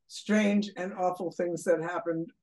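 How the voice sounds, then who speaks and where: A woman's voice: lowish voice, steady tone, a little slow, darkish tone. An older woman from Brooklyn, a guest on an interview, chiming in briefly and finishing her partner's sentences. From Brooklyn, USA. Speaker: guest, former children's TV host. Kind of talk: casual interview chat.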